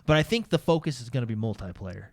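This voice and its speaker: A man's voice: medium pitch, expressive, fast talker, a little mellow. A man co-hosting a gaming podcast in casual chat, rambling with many fillers and restarts. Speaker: podcast co-host.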